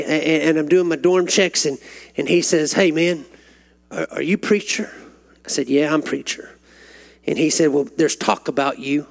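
A man preaching a sermon, telling stories and building to fervent, climbing peaks. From Texas. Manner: rising to fervent, climbing pitch when stirred.

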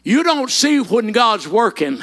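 A man preaching a sermon, telling folksy personal stories and rising into shouted emphasis on key lines. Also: very high-pitched, very animated, a little slow.

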